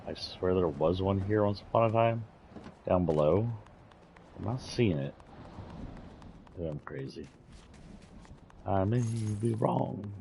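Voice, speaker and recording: Low gravelly-voiced man muttering through gameplay. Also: a little slow, long pauses, dark tone, a little hiss or hum. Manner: mutters to himself while playing. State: hoarse, losing his voice. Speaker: game streamer. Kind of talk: live gameplay commentary.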